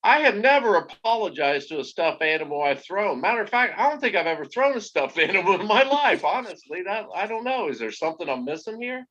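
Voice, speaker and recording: A man chatting casually on a podcast, telling things in an animated, profane way. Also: high-pitched, fairly quick, few pauses. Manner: animated, profane, laughing through his telling. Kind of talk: casual chat. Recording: dull lo-fi recording.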